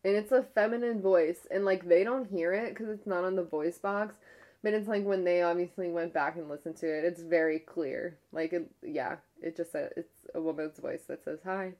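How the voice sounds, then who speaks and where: A young woman with a fairly low voice tells a spooky story in a loose, chatty way. She piles up "like" and half-finished sentences as she goes. Her tone stays casual and conversational. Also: normal speed. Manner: rambling, heavy use of "like", frequent restarts; retells a ghost-hunt episode with a hushed, animated tone.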